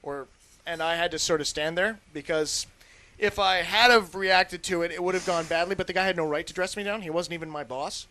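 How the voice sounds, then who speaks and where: A man's voice: sits high, brisk, bright, forceful tone. A man hosting a talk radio show, chatting loosely and rambling as he tells a story. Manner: rambling, acts out scenes in put-on voices.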